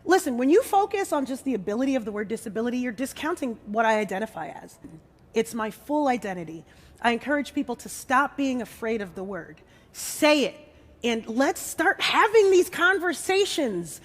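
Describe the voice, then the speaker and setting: A woman's voice: a little high, big pitch swings, moderate pace. A woman musician giving a bold, sassy, joking speech from a stage. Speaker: musician and disability advocate. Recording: live hall with long reverb.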